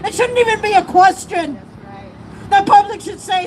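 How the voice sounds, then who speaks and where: A high-voiced woman speaks at normal speed at a protest rally on a city street, fervent and emotional, her voice breaking at times. It's a live street stream captured on a streamer's camera mic in the crowd, with crowd noise and passing traffic behind her.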